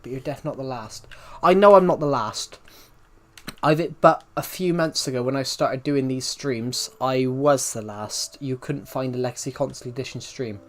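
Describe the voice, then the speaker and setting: A man's voice: mid-range voice, fairly even intonation, fairly quick, hardly any pauses. A man streaming a game live, talking to his chat in a rambling way and repeating himself as he answers viewers' questions. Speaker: livestreamer.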